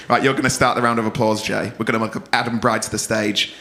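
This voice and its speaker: A man's voice: mid-range voice, steady tone, a little fast, bright, forceful tone. Cheeky male compere teasing the crowd. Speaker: comedy club compere. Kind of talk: stand-up banter with the audience. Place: comedy club stage. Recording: live comedy club with clear audience noise.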